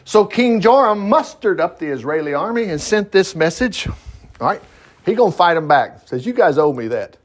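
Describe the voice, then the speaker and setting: An older man with a somewhat higher voice gives an informal Bible lesson. He talks in a folksy way and acts out the characters' lines. His pitch swings widely as he goes. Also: big pitch swings, moderate pace. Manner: folksy, chuckling asides, paraphrases dialogue in voices. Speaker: bible teacher.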